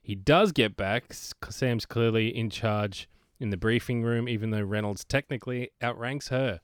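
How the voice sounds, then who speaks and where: A man co-hosting a podcast in casual chat, reading a listener's message aloud with quick asides. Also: medium pitch, smooth, no echo, clean studio sound. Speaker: podcast co-host.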